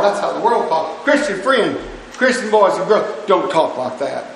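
A middle-aged man preaches with fervor, his gravelly voice pitched a touch high. He leans on repeated rhetorical questions to the congregation. The sound rings with a long hall reverb. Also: sing-song, normal speed, a little hiss or hum. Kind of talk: sermon.

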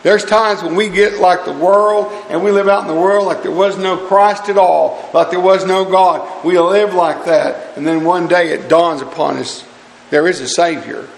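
A middle-aged man preaches with fervor, his gravelly voice pitched a touch high. He leans on repeated rhetorical questions to the congregation. The sound rings with a long hall reverb. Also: steady tone, moderate pace. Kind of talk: sermon.

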